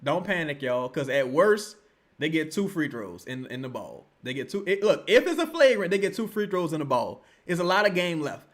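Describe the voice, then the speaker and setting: A man, streaming live basketball commentary, excitable and swearing, erupting into shouts and then dropping to low muttering. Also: normal speed. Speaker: sports streamer reacting to a live game.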